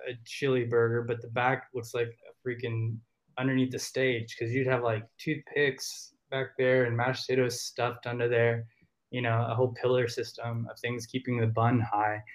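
A man's voice: mid-range voice, flat delivery, normal speed. A man with a Southern American accent, a podcast guest talking casually and rambling with lots of fillers. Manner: rambling, full of fillers and restarts.

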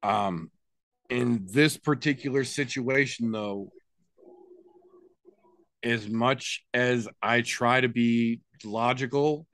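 A man's voice: medium pitch, takes it slowly, long pauses, a bit bright, dry recording. Male podcast host, playful and theatrical, close dry mic. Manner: playful, mock-dramatic announcer flourishes. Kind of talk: casual podcast banter.

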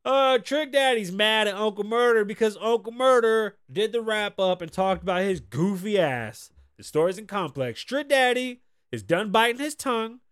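Man, American podcast host, high voice, profane, excitable news riffs. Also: moderate pace, few pauses, smooth. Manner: profane, loud and excitable, riffing on headlines. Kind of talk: casual news commentary. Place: podcast studio.

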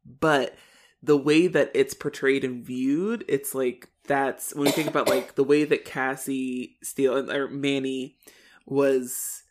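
A woman's voice: extremely low pitch, fairly even intonation, takes it slowly, slight background noise. Rambling woman podcast co-host. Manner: rambling, many restarts and fillers. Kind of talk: casual rewatch podcast chat.

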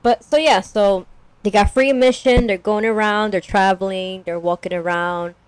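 A woman's voice: mid-range voice, fairly even intonation, normal speed, clear, resonant tone, no echo. A young woman casually recapping a story as a podcast co-host, rambling with lots of "like" and acting out characters.

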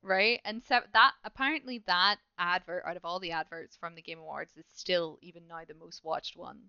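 Woman podcast host, bright tense voice, crisp, rambling, self-mocking, dry lo-fi sound. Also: lowish voice, steady tone, moderate pace, dry recording. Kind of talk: casual gaming podcast chat.

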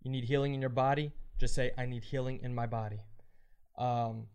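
A man hosting a ministry livestream, making loose, joking announcements and slowing down to stress key words. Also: mid-range voice, steady tone, darkish tone, smooth. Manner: loose, joking, slips into slow stressed declarations.

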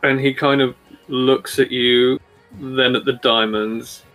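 Game master, male, middle-pitched, halting delivery with soft music underneath. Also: fairly even intonation. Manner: hesitant, many fillers and restarts. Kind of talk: narrating a tabletop game and voicing guards.

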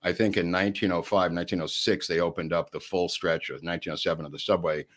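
An older man, telling rambling family stories on a podcast, laughing often and jumping his voice up high when he quotes people. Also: steady tone, fast, a bit bright. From New York. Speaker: podcast co-host. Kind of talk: storytelling in casual chat.

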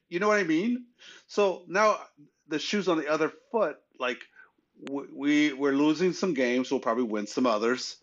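A man's voice: a little high, moderate pace. A man co-hosting a casual sports podcast, talking conversationally with frequent "you know"s. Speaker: podcast co-host. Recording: slightly muffled lo-fi audio.

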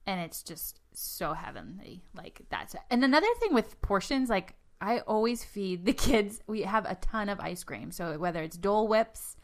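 A woman's voice: medium pitch, animated, moderate pace, hardly any pauses. Giggly Boston woman co-hosting a podcast. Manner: giggly, self-teasing, stumbles over words. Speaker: podcast co-host. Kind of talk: casual chat.

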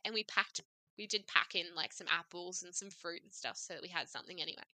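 Fast-talking and sharp-toned, with a voice on the low side, a young Australian woman in her twenties tells a story on a podcast in a dry recording. Her casual storytelling is chatty and leans heavily on "like" and quoted "I was like" asides.

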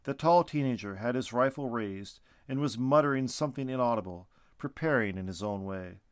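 A man narrating a story aloud in an expressive reading. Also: mid-range voice, brisk, no echo, clean studio sound.

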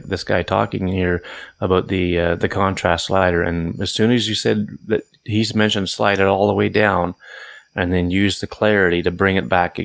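Gravelly low-voiced man chatting. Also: no echo. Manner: rambling, many fillers and restarts. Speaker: podcast co-host. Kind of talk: casual chat.

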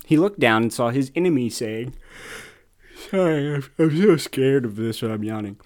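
A man's voice: mid-range voice, normal speed. A man reading a silly story aloud over a video call, comedic and mock-dramatic. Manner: animated, giggling, mock-dramatic.

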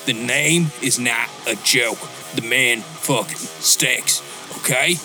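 A man voicing a gruff, rambling male biker who pitches a charity in a comedy ad parody. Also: bright, forceful tone, soft background music. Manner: rambling, folksy, slow.

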